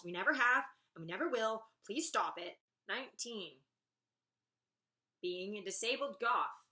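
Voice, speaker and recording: A woman's voice: on the high side, pushed and bright. A young woman vlogging a casual rant, exasperated and sarcastic, swearing freely.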